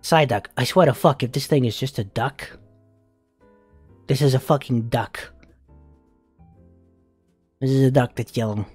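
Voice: mid-range voice, measured pace, long pauses, a little mellow, breathy edge, dry recording, soft background music. A voice actor playing a crude, flamboyant male spider demon in a comedic fan reaction, swearing, giggling and cooing. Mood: amused.

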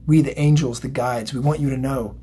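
A man's voice: mid-range voice, steady tone, brisk, mellow. A man giving a psychic tarot reading, emotional and motivational, rambling and repeating himself. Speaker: tarot reader.

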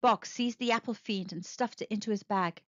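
A woman reading a children's storybook aloud, expressive and animated. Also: mid-range voice, moderate pace, dry recording, muffled recording.

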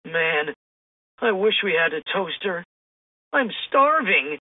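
A woman's voice: sing-song, takes it slowly, no echo, exaggerated voice. A woman voicing a jittery, cowardly young man who whines about being hungry, recorded with a tinny sound. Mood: whiny. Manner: whiny, high exclamations.

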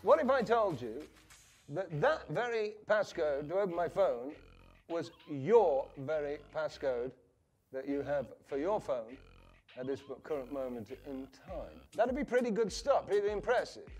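Showman mentalist man, high-pitched. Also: expressive, unhurried, a little mellow, soft background music. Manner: theatrical, addresses the audience like a stage performer. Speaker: mentalist and hypnotist guest. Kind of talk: casual chat with showman patter.

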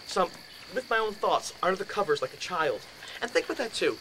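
A man telling a ghost story to a group in a house, animated and acting out voices and sound effects. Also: sits high, fast talker, noisy background.

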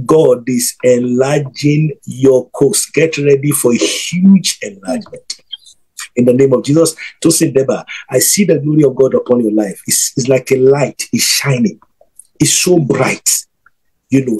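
Husky preacher man. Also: medium pitch, unhurried, darkish tone. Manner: emphatic, repeats each declaration. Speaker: guest minister. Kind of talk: prophetic declaration and prayer. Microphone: video call.

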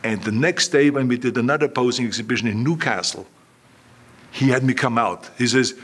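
A man's voice: medium pitch, brisk, slightly rough. Older guy from austria, interview guest telling stories, does the voices of people he quotes. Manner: animated anecdotes, acts out quoted voices. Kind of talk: storytelling in a relaxed interview.

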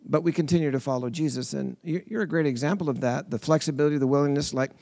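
Fast-talking man hosting a podcast. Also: fairly high pitch, fairly even intonation, darkish tone, no room sound. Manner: reflective, builds a point with many restarts. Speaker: podcast co-host. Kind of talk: conversational interview.

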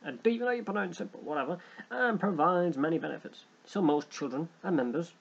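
A man's voice: on the high side, animated, fast, gravelly, slightly rough, dull audio. A young man hosting a let's play, joking and rambling as he reads game text aloud. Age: young adult. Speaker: gaming channel host.

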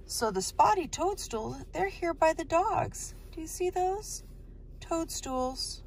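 A woman's voice: very high-pitched, lively intonation, slow pace. A woman hosting a children's storytime, asking young viewers questions as she points out things on each page and sometimes drops to a whisper. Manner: sing-song questions to kids, drops to whispers. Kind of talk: reading a picture book to young children.

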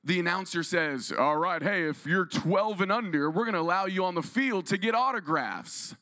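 A man's voice: sits high, normal speed. A man from Texas preaching as a guest pastor, telling stories energetically and calling for responses from the congregation. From Dallas-Fort Worth, Texas. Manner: energetic, storytelling, audience call-and-response. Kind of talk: sermon. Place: large room used as church.

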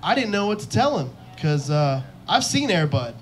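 On a comedy club stage, a young man with a slightly high, very animated voice delivers a stand-up set at a moderate pace, with a little hiss or hum in the audio. His stories poke fun at himself, and he performs the other characters' quotes.

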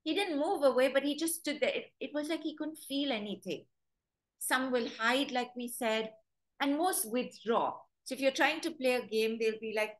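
A woman speaks as a dog trainer in a webinar, with a fairly high voice. She tells stories warmly paced and slips into little quoted voices for what dogs seem to think. Her talk is conversational, full of asides and examples. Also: moderate pace, rough recording. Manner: storytelling, acts out dogs' thoughts in quoted voices.

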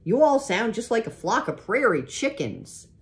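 A woman's voice: low voice, expressive, moderate pace, a little mellow. A woman voicing a bold young pioneer girl in a storybook, eager and blurting.

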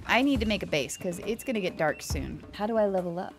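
A young woman giving casual let's play commentary, excitable, chatting to the animals and swearing, with sudden loud outbursts. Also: mid-range voice, quick pace. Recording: game music playing behind the voice.

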